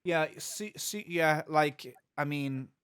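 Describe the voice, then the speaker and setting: A man's voice: on the high side, slow, a bit bright, smooth, dry recording, clean studio sound. A man co-hosting a gaming podcast, talking casually and rambling with lots of restarts and asides. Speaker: podcast co-host. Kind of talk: casual chat.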